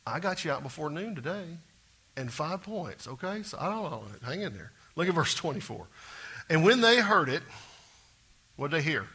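A middle-aged pastor delivers a lively sermon. His voice is strikingly bright and a touch high for a man. He drops to soft asides and then lifts into loud, animated exclaiming. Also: normal speed, breathy edge.

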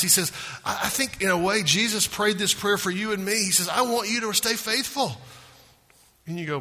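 A man's voice: fairly high pitch, sharp tone, big-room sound. A man preaching a sermon, earnest and emphatic, asking rhetorical questions. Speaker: pastor.

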